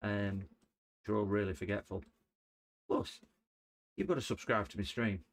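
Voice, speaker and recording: Man, middle-aged, lowish voice, jokey rambling chat, livestream repair commentary. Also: a little slow. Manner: jokey, rambling, sings and hums to himself. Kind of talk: casual chat while working.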